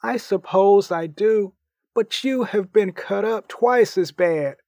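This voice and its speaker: A frantic young man voiced by a male reader pleads in a raised, strained pitch, drawing out his words. He is melodramatic and quick to despair. The sound is dry and close. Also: a little mellow, no room sound, heavily acted. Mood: pleading.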